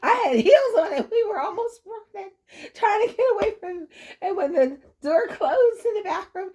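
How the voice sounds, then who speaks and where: A woman's voice: very high voice, lively intonation, moderate pace, warm tone. A woman casually telling a funny story, giggling and often breaking into laughter.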